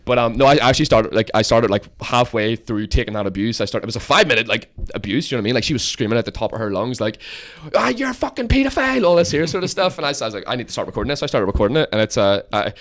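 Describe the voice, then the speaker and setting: A young man with a Belfast accent, a podcast guest telling an animated story with lots of swearing and fillers. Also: very fast, few pauses. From Northern Ireland. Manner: animated storyteller, acts out quotes in a shrill voice; swears freely, many fillers. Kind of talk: casual chat.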